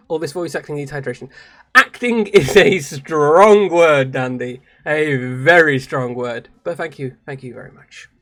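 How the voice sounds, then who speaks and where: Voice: mid-range voice, measured pace, fairly bright tone. A British streamer chatting casually and self-mockingly during a live game stream, laughing often. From Britain. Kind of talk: live game stream with read-aloud voices.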